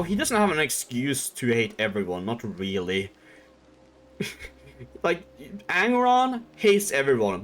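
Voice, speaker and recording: A man streaming and casually retelling a story in a rambling, irreverent way, with swearing and laughter. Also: on the high side.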